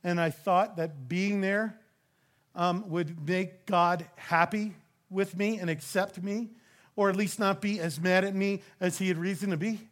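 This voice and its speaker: A middle-aged man from Louisiana preaching a sermon as a pastor, conversational with joking asides, at times dropping to a hushed intensity. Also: sits high, steady tone, unhurried.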